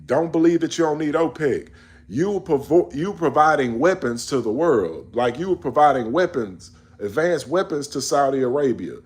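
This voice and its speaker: Slangy guy preaching hard at his viewers, voice sits kinda high. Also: lively intonation, moderate pace, darkish tone. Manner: emphatic, preachy, slangy, scolding listeners. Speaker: commentator. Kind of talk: casual monologue on world events.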